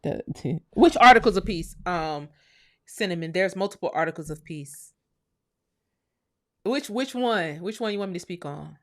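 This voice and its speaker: Blunt animated woman streaming to chat. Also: lowish voice, moderate pace, no echo, clean studio sound. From United States. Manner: blunt, animated, swears freely, addresses viewers as y'all. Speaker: livestream host. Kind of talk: casual livestream commentary reading chat.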